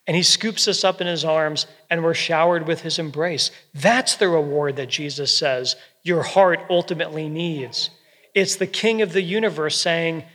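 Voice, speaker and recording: A man's voice: fairly high pitch, normal speed. Earnest preacher man in a reverberant hall. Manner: earnest, gentle preaching with soft quoted asides. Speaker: pastor. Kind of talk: sermon.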